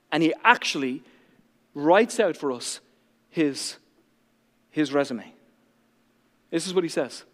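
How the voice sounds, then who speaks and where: A male pastor preaching with fiery, confrontational passion. His voice is notably high, and it echoes with a long hall reverb. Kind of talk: sermon.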